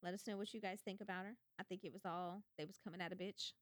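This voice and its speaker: A woman co-hosting a podcast in casual chat, telling stories with lively acted-out quotes and free swearing. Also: mid-range voice, quick pace, no room sound, studio quality. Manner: animated storytelling, swears freely. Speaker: podcast co-host.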